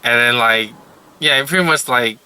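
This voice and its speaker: A man recaps anime episodes in a loose, rambling way, with fillers all through his sentences. His voice is very bright and tense at an ordinary middle pitch. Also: normal speed, clear, resonant tone. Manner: rambling, heavy use of "like" and "you know". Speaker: anime reviewer.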